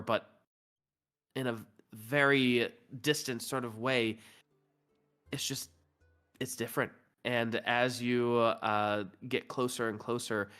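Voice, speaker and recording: Male dungeon master improvising a tabletop game. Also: mid-range voice. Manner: relaxed, filler-heavy improvising.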